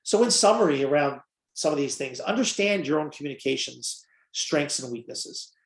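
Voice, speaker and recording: A man's voice: fairly high pitch, animated, moderate pace, creaky, echoey room. A man presenting a training webinar in a conversational way, with many fillers, and answering questions from the audience. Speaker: workshop presenter.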